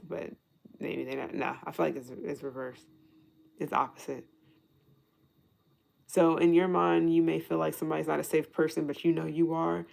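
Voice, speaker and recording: Heavy-fry woman rambling through a tarot reading. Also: low-pitched, darkish tone. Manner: rambling, thinks aloud with frequent restarts; swears freely, laughs often. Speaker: tarot reader.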